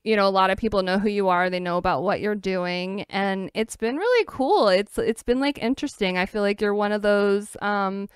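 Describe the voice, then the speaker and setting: A young woman co-hosting a podcast, rambling in casual chat with many fillers and animated quoted asides. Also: mid-range voice, moderate pace, hardly any pauses, smooth, dry recording, clean studio sound. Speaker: podcast co-host.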